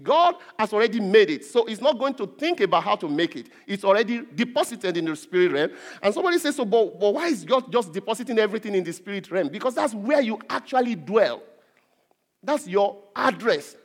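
A man preaching a sermon with a high voice that swoops up and down with energy. He presses hard on key words and repeats them for emphasis. His voice rings out with a long reverb in a large hall. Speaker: pastor.

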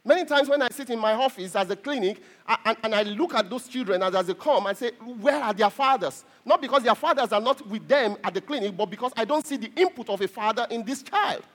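A middle-aged man, a pastor, preaching a sermon in a halting way, repeating words and laughing often. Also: extremely high pitch, animated, a bit bright. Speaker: pastor and doctor.

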